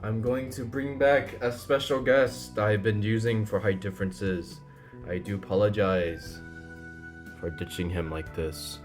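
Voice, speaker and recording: A man casually reviewing a model kit, playful and self-deprecating, with frequent excited exclamations. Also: on the low side, a little slow, over music. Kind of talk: casual hands-on product review.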